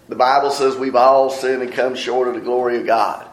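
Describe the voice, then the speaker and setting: Man, preacher, sermon, mid-pitched, asks and answers his own questions, echoey room. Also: fairly even intonation, normal speed, few pauses. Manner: asks the congregation questions and answers them himself. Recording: roomy echo.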